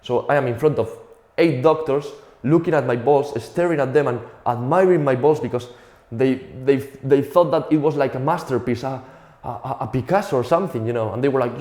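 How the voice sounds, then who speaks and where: A man's voice: medium pitch, fairly quick, hardly any pauses, mellow, roomy sound. A young man from Spain with a Spanish accent, telling a profane, self-mocking stand-up comedy routine.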